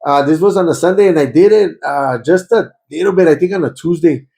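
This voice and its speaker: Man with a gravelly, fervent voice. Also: on the high side, a little fast. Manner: repeats words and phrases, stammering restarts; grows loud and fervent when reliving prayer. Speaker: guest giving a testimony. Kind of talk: personal testimony in conversation.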